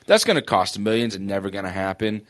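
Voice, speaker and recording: A man with a lowish voice co-hosts a casual sports podcast. He rambles through self-mocking stories. He sounds sore and breathes with effort. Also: lively intonation, quick pace, a bit bright. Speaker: podcast co-host.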